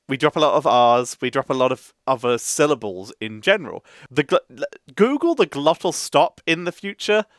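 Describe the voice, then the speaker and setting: A man's voice: on the high side, fairly bright tone, no room sound, clean studio sound. A man with an Essex English accent chatting casually as co-host of a reaction video, dropping consonants and laughing easily. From England.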